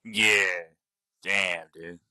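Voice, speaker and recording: A man's voice: sits low, fairly even intonation, drawn-out words, pushed and bright, no echo. A man giving short, laid-back reactions in casual podcast chat. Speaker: podcast co-host.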